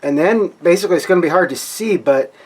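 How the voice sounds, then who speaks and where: A man's voice: sits high, quick pace, noisy background. A man talking casually to viewers while building scale models at his home workbench, rambling with restarts.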